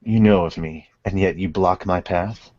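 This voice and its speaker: A man voicing a cold, menacing ancient male dragon, low and quiet with contempt, in an amateur manga read-along. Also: moderate pace, lightly acted. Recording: dull lo-fi podcast audio.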